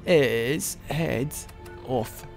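Guy rambling thru a let's play, jokey, gravelly voice, mid pitch. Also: drawn-out words, soft background music. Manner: rambling, joking, with frequent restarts. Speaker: gaming video host. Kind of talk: casual let's-play commentary.

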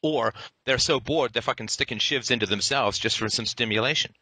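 A man's voice: mid-range voice, a little fast, pushed and bright, dry recording. A male podcast host giving an impassioned, sarcastic monologue peppered with profanity and theatrical asides.

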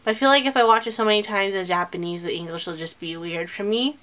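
A woman's voice: mid-range voice, fast, fairly bright tone. A young woman talking casually to camera in a reaction vlog, chatty and emotional, often trailing off and restarting. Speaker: vlogger reacting to a film trailer.

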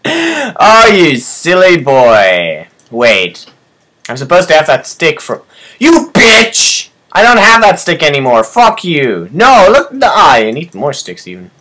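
Excitable young man commenting on gameplay. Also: on the high side, normal speed. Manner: excitable, swears often, yelps at surprises. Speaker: let's player.

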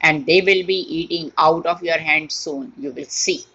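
A bossy middle-aged mother who puts everyone in their place, as a woman reads her from a play script. The voice is low and husky, with a bright, forceful edge. It comes through a dull, lo-fi recording. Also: moderate pace, full character voice. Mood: calm, firm.

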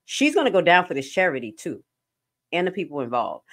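A woman nurse giving casual, animated commentary on clips as a stream host. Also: lowish voice, fairly quick. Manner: animated, jumps to loud bursts.

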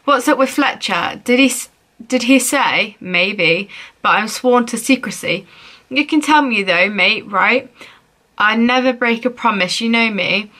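A woman's voice: on the high side, unhurried, pushed and bright. A young woman vlogging as she plays a phone game, reading messages aloud in a playful, giggly way.

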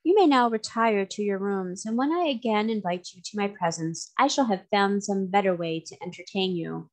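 A woman reading the lines of a wicked male sea magician in a calm, formal, menacing way. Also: mid-range voice, normal speed, close to an everyday voice.

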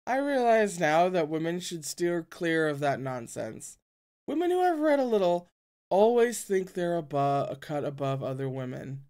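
A drunk, gruff older sect leader slurs out dismissive complaints, as a reader puts him on. The voice sits at a middling pitch and stays close to the reader's own. It is read as a character in a novel. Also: big pitch swings, moderate pace, darkish tone, lightly acted. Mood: slurring. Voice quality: gruff, slurred. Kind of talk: audiobook-style fan reading.

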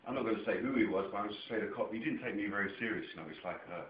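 An English man telling a rambling personal story to camera, heavily profane and excitable, dropping to a mutter one moment and nearly shouting the next. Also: on the low side, very fast. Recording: echoey room, dull lo-fi camera sound, faint noise.

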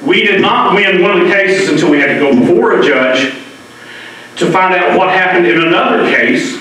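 A middle-aged man speaks with earnest passion to a public gathering, his fairly high, bright, forceful voice stumbling over repeated words as he pushes on. He is picked up from across a very echoey room, so his voice rings with reverb. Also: normal speed. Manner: emotional, earnest, repeats words when stirred. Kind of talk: impassioned public address. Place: public library meeting room. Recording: very echoey hall, mic far off.

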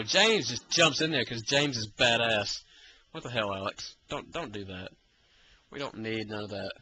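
A man's voice: mid-range voice, lively intonation, moderate pace, pushed and bright, a little hiss or hum, rough recording. A man giving live gameplay commentary, exasperated and repeatedly urging and taunting the enemy. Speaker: let's play gamer.

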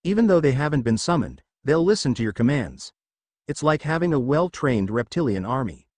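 A man's voice: mid-range voice, big pitch swings, fairly quick, a little mellow, no room sound. Guy doing a bossy monster king, fed up, lectures a lot, dry close sound. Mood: explaining. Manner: exasperated, lecturing. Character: male ancient kaiju king, dry, bossy.

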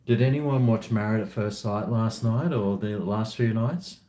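A man talks slowly in a low, mellow voice on a casual live stream from home. He rambles and swears freely. His voice rings around an echoey room.

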